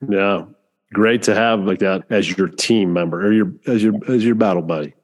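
A man's voice: lowish voice, moderate pace. A man hosting a podcast interview, speaking in an encouraging, reflective way and often repeating words as he gathers his thoughts. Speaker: podcast host. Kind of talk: conversational interview.

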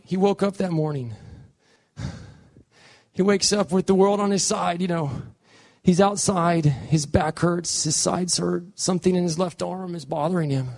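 A man preaching a sermon, dramatically retelling a scripture story with intensity. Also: sits high.

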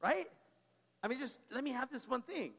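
A man's voice: very high-pitched, lively intonation, moderate pace, vocal fry, a bit bright, long reverb tail. A man preaching a sermon as pastor, in a conversational style that mixes personal stories with humor and keeps asking "right?" and "come on.".

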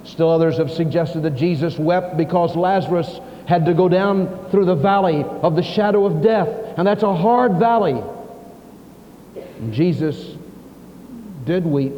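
A male preacher delivering a sermon with strong, emphatic storytelling. His voice sits somewhat high for a man. The recording is muffled and the hall leaves a long echo. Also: a little hiss or hum.

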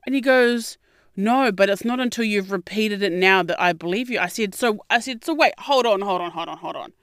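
A young adult woman, hosting a podcast and telling a personal story in a candid, expressive way, swearing freely and acting out quotes. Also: medium pitch, a little fast, no room sound, clean studio sound. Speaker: podcast host. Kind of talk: casual storytelling monologue.

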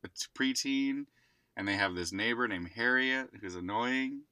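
A man co-hosting a podcast in casual chat, relaxed with dry remarks and frequent laughs. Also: medium pitch, moderate pace, clear, resonant tone, no echo. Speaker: podcast co-host.

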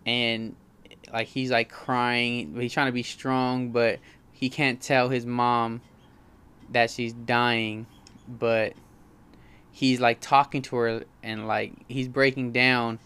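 Slangy young man, smooth clear voice. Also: mid-range voice, takes it slowly. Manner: slangy, animated, swears freely. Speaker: vlogger reviewing movies. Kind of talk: casual profane chat.

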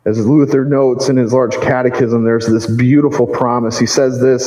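A male pastor delivering a sermon in a church, earnest and measured, with slow emphatic phrases. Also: medium pitch, fairly even intonation, dark tone, roomy sound, long reverb tail, rough recording.

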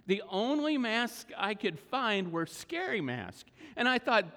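Earnest high-voiced pastor preaching. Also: male voice, big pitch swings, pushed and bright. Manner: earnest, emphatic, slows to stress words. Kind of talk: sermon. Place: church sanctuary. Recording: long hall reverb.

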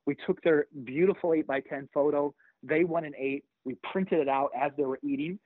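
A middle-aged man, a pastor, tells a story with lively, animated delivery, slipping into the voices of the people he describes. His voice sits a bit high and comes through thin and tinny, like a phone line. The sound is dry, with no room around it. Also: brisk, no room sound. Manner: animated, acts out quoted voices. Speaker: pastor and author. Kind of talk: storytelling in an interview.

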